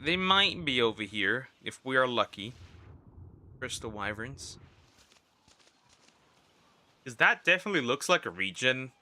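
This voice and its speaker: A man's voice: medium pitch, pushed and bright. A young man casually rambling to himself as he streams a survival game. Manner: rambling, talks to himself while playing. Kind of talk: casual gameplay commentary.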